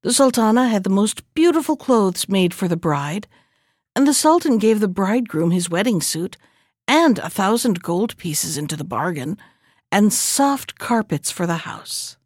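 A woman reading a fairy tale aloud in steady storybook narration. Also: medium pitch, normal speed, no echo, clean studio sound. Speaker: reader.

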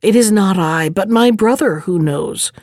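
A woman's voice: medium pitch, unhurried, darkish tone, no room sound, clean studio sound, natural voice. A woman voicing a spiteful, envious young male courtier who talks slyly and wheedles. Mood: wheedling. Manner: sly, wheedling, feigning fear.

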